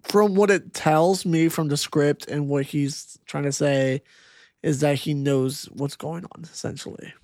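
A man co-hosting a casual podcast, thinking aloud about a film's meaning in a relaxed way. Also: on the high side, unhurried, no room sound, studio quality. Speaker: podcast co-host. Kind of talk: casual chat.

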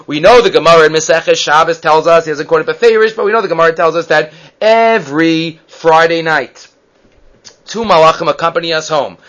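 Rabbi giving a Torah class, an animated storyteller with a high, bright voice. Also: male voice, fairly quick, muffled recording. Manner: animated storyteller, acts out voices, mixes in Hebrew terms. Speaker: rabbi teaching the weekly Torah portion.

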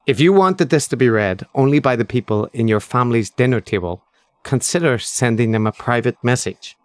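A curt, accusatory commenter, read by a man speaks in short, flat lines at a middling pitch. The sound is dry and close. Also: a little fast, no room sound, natural voice. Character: terse, accusatory male online commenter.

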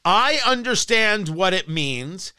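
Combative, animated male radio host. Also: sits high, slow, slight background noise. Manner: combative, emphatic ranting. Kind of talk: talk radio monologue. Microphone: studio microphone.

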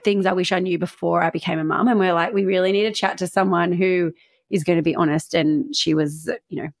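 A woman's voice: fairly low pitch, fairly even intonation, fairly quick. A woman, co-hosting a podcast in a casual, chatty way with frequent laughs and fillers. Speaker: podcast co-host. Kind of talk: casual chat.

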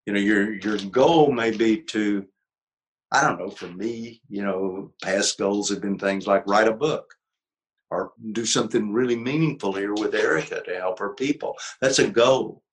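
A man's voice: fairly low pitch, unhurried, low-quality recording. An older man, a psychologist guest, explaining ideas in a reflective, emphatic teaching tone during an interview. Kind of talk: conversational interview.

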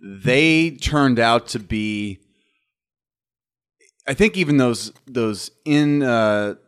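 A former football player talks as a podcast guest, laying out his points in a measured way. His voice is mid-pitched and moves expressively up and down. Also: lively intonation, clean tone. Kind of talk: casual sports talk.

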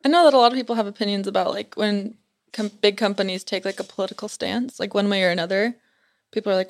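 A woman's voice: mid-range voice, fairly even intonation, fast talker. A young woman chatting on a podcast as a guest, telling a story with a lot of giggles. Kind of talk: casual chat.

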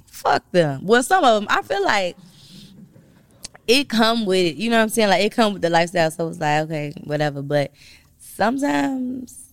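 A woman's voice: medium pitch, sing-song, moderate pace, no room sound. A woman chatting casually and frankly, swearing offhandedly in a laid-back way. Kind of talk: casual chat.

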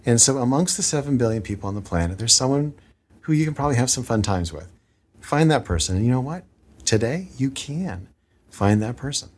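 A man's voice: mid-range voice, lively intonation, a little fast, darkish tone, breathy edge. A man hosting a podcast, talking casually and with enthusiasm, using lots of fillers. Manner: enthusiastic, upbeat, with frequent fillers. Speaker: podcast host. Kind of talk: casual conversation.

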